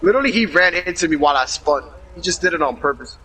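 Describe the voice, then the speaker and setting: A man's voice: on the high side, expressive, fast, sharp tone, breathy edge, poor audio. A young man chatting casually while gaming online, retelling a story in a rambling, profane way and often restarting his sentences. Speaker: gamer in an online racing session. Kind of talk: casual chat over game audio, retelling a story.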